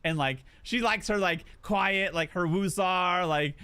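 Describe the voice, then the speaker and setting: This young man's voice sits high and sounds clean, moving at a measured pace. Chatting on a game stream, he's an animated storyteller who throws in playful jokes and performs different voices.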